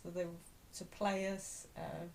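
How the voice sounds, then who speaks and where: A chatty woman with a low, gravelly voice talks casually in a home vlog, drifting off mid-sentence and laughing easily. A faint hiss sits under the recording. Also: little pitch movement, slow. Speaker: vlog co-host. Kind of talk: casual chat.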